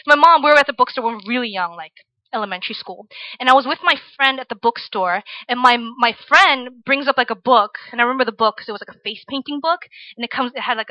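A woman's voice: fairly high pitch, no room sound, highs cut off. A young woman from Virginia giving a casual, chatty sermon to students, often tagging her points with "right?". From Virginia, USA. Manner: chatty, tags lines with "right?" and "like". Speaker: preacher.

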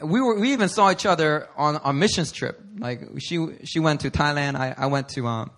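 A male pastor telling a personal story in a sermon, animated and conversational, often laughing. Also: fairly high pitch, normal speed. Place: church service before a congregation.

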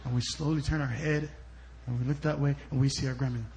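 A man preaching a sermon at a church service as a guest speaker, telling stories and swinging between loud bursts and soft asides. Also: medium pitch, steady tone, fast, vocal fry, heavy background noise.

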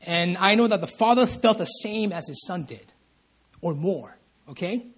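Man, preacher, sermon, high voice, husky, emphatic, repeats himself, calls for amen. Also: expressive, normal speed. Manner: emphatic, repeats lines and asks "Amen?" for response; stumbles and restarts phrases in bursts of feeling. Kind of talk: sermon at a prayer meeting. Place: church service.

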